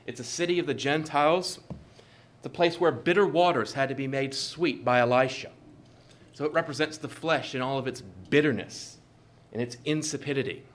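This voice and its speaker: Male preacher, mid-pitched, measured and emphatic, leans on repeated phrases. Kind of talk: sermon.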